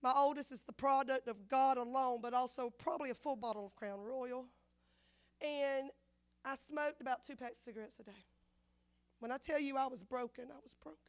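A woman preaching a sermon, repeating phrases and acting out the voices in her story, swinging from loud to hushed. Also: sits high, normal speed. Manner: dramatic swings of loudness, acts out quotes, repeats phrases.

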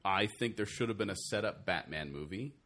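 Fast, lively man in casual chat. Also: fairly low pitch. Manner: animated, opinionated, fast-talking. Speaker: podcast co-host.

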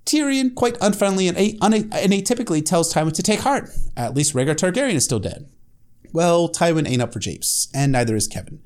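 A man's voice: a little high, expressive, fairly quick, darkish tone. A man casually recapping a fantasy novel chapter, with sarcastic, profane asides and frequent restarts. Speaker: book recap host.

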